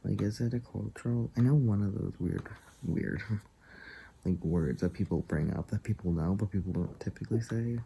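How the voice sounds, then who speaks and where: A man's voice: on the low side, moderate pace, creaky, mellow, slightly rough, low-quality recording. A man telling a story to camera in a casual, rambling way, with hesitations and asides. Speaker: vlogger.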